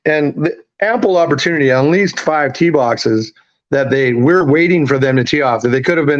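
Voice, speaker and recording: A man's voice: fairly high pitch, moderate pace, muffled recording. A man in his fifties from Canada, a podcast guest telling stories in a candid, profane, laid-back way with lots of fillers. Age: 50s. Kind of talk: casual storytelling.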